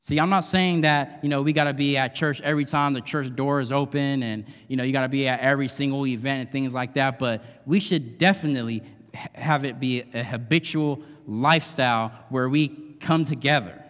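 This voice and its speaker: A man's voice: medium pitch, fairly quick, fairly bright tone. Man preaching with long hall reverb. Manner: conversational, emphatic, frequent tag questions. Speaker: guest preacher. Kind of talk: sermon. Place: church sanctuary.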